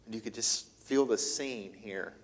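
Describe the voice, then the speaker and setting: A man's voice: lowish voice, unhurried. Storytelling male pastor in a reverberant hall. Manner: dramatic storytelling, swings from loud to hushed. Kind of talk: sermon. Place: church.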